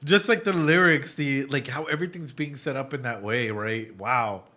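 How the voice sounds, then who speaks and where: A man reacting on a live stream, thinking out loud with frequent restarts and a lot of swearing. His tone is bright and forceful, and his energy runs high as he works through the material. He talks casually, like an expert chatting with his audience. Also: normal speed. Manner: excitable and emotional, swears often; thinks aloud with repeated restarts. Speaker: psychologist reacting to anime.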